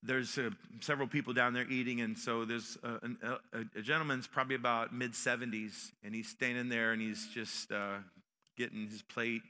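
A man preaching a sermon as pastor, rising to loud emphatic peaks and dropping to quiet storytelling. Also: medium pitch, little pitch movement, moderate pace. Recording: long reverb of a large hall.

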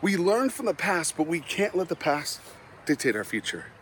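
A middle-aged man with a slightly higher voice tells funny stories from his own life as a Christian motivational speaker. He is animated and self-mocking and often laughs at himself. A faint noise sits under his voice. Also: moderate pace. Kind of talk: humorous storytelling talk.

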